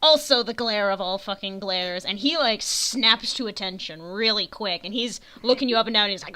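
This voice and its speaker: A woman narrates as game master, full of fillers. Her voice is bright and crisp. She talks casually and laughs easily. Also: mid-range voice, moderate pace, hardly any pauses.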